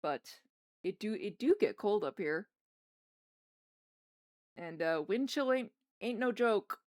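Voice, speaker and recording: A woman's voice: medium pitch, animated, takes it slowly, darkish tone, no room sound, clean studio sound. A young woman from Canada with a mild Canadian accent, chatting casually with her livestream viewers in a rambling, self-correcting way. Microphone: streaming microphone.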